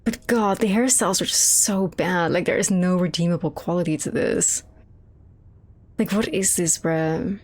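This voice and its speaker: A woman's voice: lowish voice, moderate pace, darkish tone. A young woman streaming a game, commenting casually as she rambles, swears and laughs.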